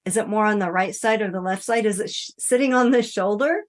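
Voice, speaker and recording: A woman coaching listeners through a self-love talk in a gentle, encouraging way, speaking straight to the listener and dropping soft and quiet for affirmations. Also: mid-range voice, a little fast. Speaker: wellness coach. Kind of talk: guided self-help talk.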